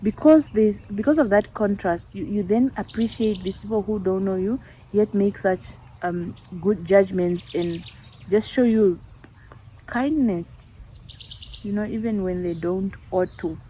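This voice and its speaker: A woman's voice: medium pitch, unhurried, mellow, a little hiss or hum. A young woman from Namibia talking casually in a vlog, earnest and reflective, often laughing at herself. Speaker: YouTuber.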